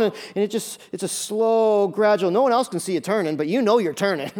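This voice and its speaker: A male pastor preaching in an easygoing, conversational way, with quick jokes and asides. His voice sits high for a man and swings between loud emphasis and quiet, soft passages. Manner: conversational and animated, jokey asides. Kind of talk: sermon.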